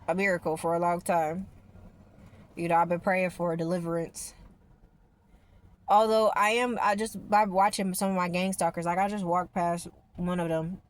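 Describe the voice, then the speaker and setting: A woman vlogger chats casually with her viewers about spirituality, rambling and emphatic, now and then dropping a swear word. Her voice is fairly low.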